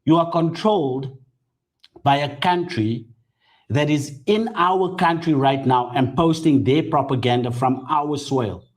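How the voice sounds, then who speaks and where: A man's voice: a little high, measured pace. A South African man giving heated political commentary, indignant and emphatic, often repeating himself for effect. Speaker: panel commentator.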